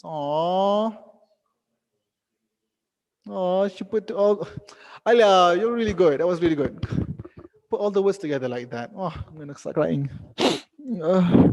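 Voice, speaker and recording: A young man teaching a live online English lesson, reading out students' sentences and correcting them gently. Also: sits high, measured pace, pauses often, long reverb tail.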